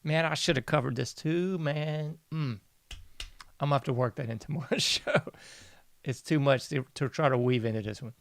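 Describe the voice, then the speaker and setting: A man's voice: mid-range voice, normal speed, vocal fry. A man hosting a casual news commentary show, mocking and sarcastic, laughing often. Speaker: podcast host.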